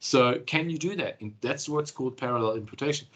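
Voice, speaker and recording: A man's voice: mid-range voice, fairly quick, a bit bright. A man giving a university law lecture in a conversational, enthusiastic way, with frequent fillers and restarts.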